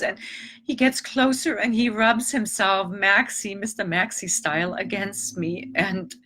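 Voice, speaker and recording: Slow, reflective middle-aged woman storyteller. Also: mid-range voice, fairly bright tone. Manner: reflective, halting, emotional, with long pauses. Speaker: transformational teacher. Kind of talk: personal storytelling podcast.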